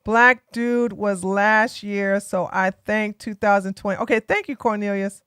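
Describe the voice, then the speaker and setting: Sassy woman streamer, crisp voice. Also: mid-range voice, fairly even intonation, a little slow, a bit bright, no echo, studio quality. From Georgia, USA. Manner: blunt, sassy, talks straight to chat. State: tired. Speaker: political live stream host. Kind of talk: casual live stream chat.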